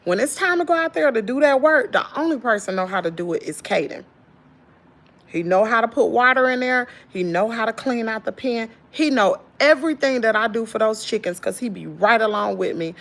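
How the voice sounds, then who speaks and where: Tired Southern woman venting to viewers. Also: brisk. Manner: animated, swings from loud exclaims to low muttering; folksy slangy talk, addresses viewers as y'all. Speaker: channel host. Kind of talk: casual venting chat to viewers.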